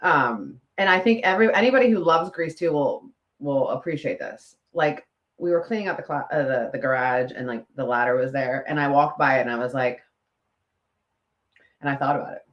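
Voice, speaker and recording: A middle-aged woman with an East Coast accent, co-hosting a casual chat show and telling lively stories with frequent laughter. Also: rumbling low, a little fast, highs cut off. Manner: lively storyteller, laughs often. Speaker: podcast co-host.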